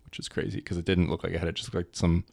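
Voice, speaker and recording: A man's voice: deep voice, completely flat delivery, racing, vocal fry, darkish tone. A man chiming in during a casual chat in a laid-back way. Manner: laid-back, brief interjections. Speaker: podcast co-host.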